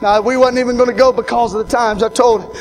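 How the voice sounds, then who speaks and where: A man, preaching a sermon as pastor, swinging from shouted climaxes to hushed, personal storytelling. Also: very high voice, steady tone, fast talker, slight background noise.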